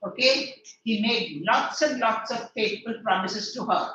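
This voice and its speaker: A woman's voice: a little high, animated, unhurried, few pauses, bright, forceful tone, a little hiss or hum. A woman teacher, explaining a play line by line in an online lecture. She paraphrases each verse and quizzes her students. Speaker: English teacher. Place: online class. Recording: echoey distant lo-fi online lecture.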